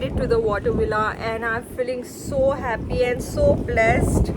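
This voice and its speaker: A young woman, chatting excitedly to viewers in a casual travel vlog. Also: fairly high pitch, measured pace, few pauses, loud music behind the voice. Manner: chatty and excitable, keeps addressing viewers as guys. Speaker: travel vlogger. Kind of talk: casual vlog talk to camera. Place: resort villa and restaurant in hot weather.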